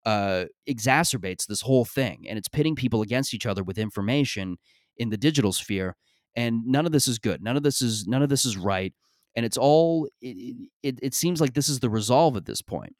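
A man's voice: mid-range voice, a little fast, no echo, clean studio sound. Rambling, profane man telling stories. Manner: rambling, profane, animated storytelling with stammered restarts. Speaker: podcast host. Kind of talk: casual comedic monologue.

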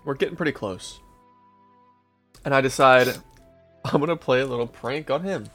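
A young man on a podcast, spinning a rambling story in a relaxed, swear-heavy way at a middle pitch. He chuckles at his own story as he goes, with faint music playing behind him. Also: normal speed. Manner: laid-back, swears often, laughs at his own story. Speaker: podcast host. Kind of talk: casual storytelling to co-hosts.

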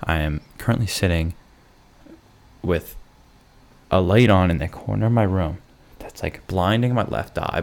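A man's voice: deep voice, creaky. A young man hosting a solo podcast from his bedroom, rambling with lots of fillers and restarts, with dry self-mocking humor. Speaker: podcast host. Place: his bedroom, lamp in the corner.

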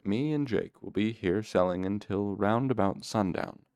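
A man voicing a kindly older male farmer who talks in gentle, folksy rural phrasing in an audiobook. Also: on the low side, normal speed, clear, resonant tone, no echo, lightly acted. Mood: gentle, earnest.

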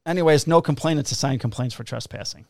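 A male police officer tells work stories in casual chat, full of swearing and flat blunt remarks. His voice has a gravelly rasp. The sound is dry and close, with no room around it. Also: mid-range voice, quick pace, no room sound. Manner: profane, blunt, laughs at his own stories.

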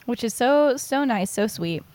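A young woman co-hosts a podcast, recapping a story in casual chat with a fairly high, darkish voice and lively intonation. She rambles, leans heavily on "like," and lets out quick giggles.

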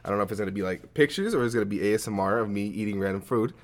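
Chill young dude co-hosting a podcast, kinda low voice, slangy and laughing a lot. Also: male voice, rapid-fire. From Las Vegas. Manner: laid-back, slangy, laughs often. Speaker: podcast co-host. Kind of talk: casual chat.

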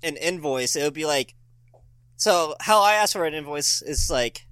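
A man on a casual podcast, ranting about small annoyances in a crude, mocking way and breaking into laughter. His voice sits a little high for a man. The sound is dry and close, with no room around it. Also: lively intonation, a little slow, a bit bright, clear, resonant tone, dry recording. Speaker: podcast guest.

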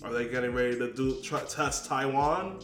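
A laid-back man hosts a casual podcast, steering the chat and reading out headlines with small stumbles. His voice has a mid-range pitch. It echoes in a roomy space, with faint music behind. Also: moderate pace, fairly bright tone. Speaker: podcast host.

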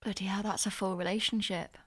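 A young woman with a Northern English accent and a medium-pitched voice. She co-hosts a podcast with animated, laughing banter, tripping over restarts as she gets her point out. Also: a little fast, breathy edge. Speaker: podcast co-host. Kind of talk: casual chat.

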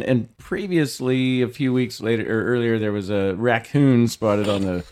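A man's voice: mid-range voice, a little fast, few pauses, smooth. Profane man telling a wild story. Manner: profane, animated storyteller who acts out shouting. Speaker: podcast co-host. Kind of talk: casual storytelling chat.

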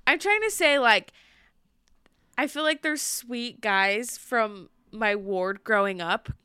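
A young woman co-hosting a casual podcast chat, ranting in an animated, heated way. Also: on the high side, slow, clean tone, no room sound, clean studio sound. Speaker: podcast co-host.

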